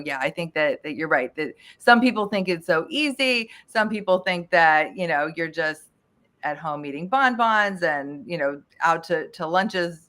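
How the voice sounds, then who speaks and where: A woman's voice: lowish voice, a bit bright. A woman speaking as a guest in a podcast interview, talkative and emphatic with frequent restarts. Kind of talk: casual interview chat.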